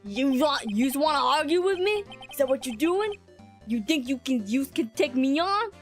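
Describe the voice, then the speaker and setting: A woman's voice: sits high, big pitch swings, moderate pace, faint music behind. A woman voicing a hot-tempered male mob boss with a put-on tough-guy accent, threatening and blustery. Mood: furious.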